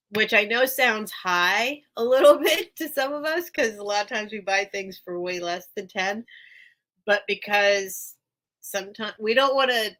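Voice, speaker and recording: A woman's voice: medium pitch, bright, forceful tone, rough recording. A woman hosting a casual live-stream sale, chatty and rambling, laughing often while recovering from being unwell.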